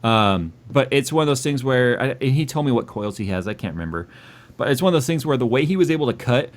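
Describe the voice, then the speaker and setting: Animated, stressed-out male host. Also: mid-range voice, quick pace. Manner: animated, exasperated, jokey. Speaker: co-host reading donations. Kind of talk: casual livestream chat.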